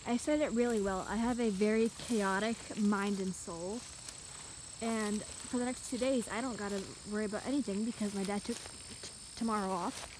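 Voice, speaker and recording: A woman's voice: mid-range voice, fairly even intonation, moderate pace. A young woman chatting casually as she walks through woods, a bit out of breath and rambling. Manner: chatty and rambling, talking while walking. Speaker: vlogger. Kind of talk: casual walking vlog. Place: outdoors in woods and a rural field. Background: wind and insects outdoors.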